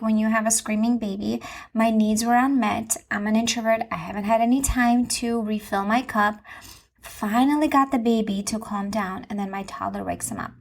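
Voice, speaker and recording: A woman in her thirties hosting her own podcast from home, speaking in an earnest, confessional way with emphatic repetition. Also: medium pitch. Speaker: podcast host and Christian mom coach. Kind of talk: personal podcast monologue.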